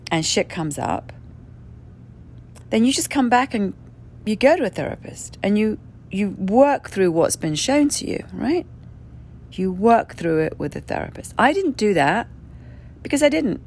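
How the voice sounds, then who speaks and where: A woman's voice: mid-range voice, creaky, darkish tone, a little hiss or hum. A woman speaking candidly and bluntly, with frequent swearing and laughter, from indoors in a rented lodging. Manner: blunt, profane, emphatic, laughs often. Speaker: speaker sharing spiritual experience. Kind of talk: candid monologue.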